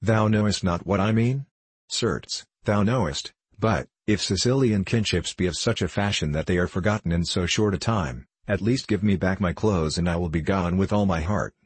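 A young man who has been swindled, crying out and pleading in archaic storybook speech, as a male narrator reads him. The voice sits low and husky, close and dry. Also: normal speed, dry recording.

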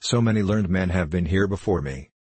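A man reading the part of an eager, scheming elderly male professor who hides his excitement behind polite words, in a storybook reading. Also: low-pitched, a little fast, breathy edge, dry recording. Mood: feigned calm. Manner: excited, hiding his delight.

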